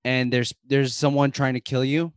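A man's voice: mid-range voice, level tone, moderate pace, clear, resonant tone, no echo, clean studio sound. A man hosting a casual podcast chat who rambles and keeps restarting his sentences. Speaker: podcast host.

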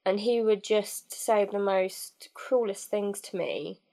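A young woman telling a personal story as a podcast guest, candid and halting, with many fillers and restarts. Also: mid-range voice, dark tone.

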